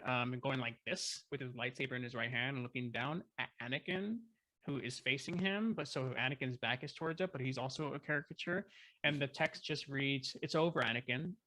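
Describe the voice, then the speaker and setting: A man chatting as an interview guest, telling a story in an excited, rambling way with lots of fillers. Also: mid-range voice, dry recording. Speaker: guest filmmaker. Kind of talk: casual storytelling.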